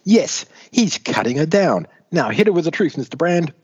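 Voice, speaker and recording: A man voicing a scheming female villain in a gloating tone, pitched well above his own voice. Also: sing-song, normal speed, breathy edge. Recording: dull lo-fi recording.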